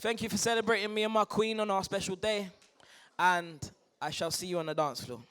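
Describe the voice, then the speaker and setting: A man with a notably high voice speaks as the groom at a wedding reception. He stops and restarts, repeating lines as he gets emotional, and laughs between thanks. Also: fairly bright tone, a little hiss or hum. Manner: halting, repeats himself, breaks into laughter. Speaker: groom giving a wedding speech.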